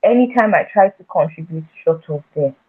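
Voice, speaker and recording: A woman guest telling her own story in a conversation, halting and earnest, often restarting and repeating words. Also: deep voice, expressive, a little hiss or hum. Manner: earnest and emotional when recounting her past. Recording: tinny phone-like audio.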